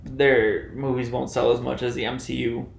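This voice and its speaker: A man's voice: mid-range voice, level tone, moderate pace, vocal fry, echoey room. Assertive man hosting a podcast chat. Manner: assertive, runs the segment. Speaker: podcast host. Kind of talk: casual chat.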